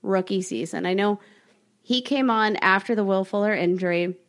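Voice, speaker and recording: A woman with a mid-range voice co-hosts a podcast in a loose, conversational way. She jokes around, then moves quickly into detailed analysis. She speaks into a podcast mic. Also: medium pitch. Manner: playful, joking, quick with analysis. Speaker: podcast co-host. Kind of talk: casual podcast chat.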